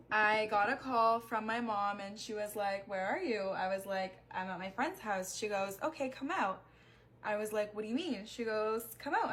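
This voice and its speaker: A woman's voice: fairly high pitch, fairly bright tone. A young adult woman telling a story in a chatty, casual way, with plenty of "like" fillers. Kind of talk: casual storytime while getting ready.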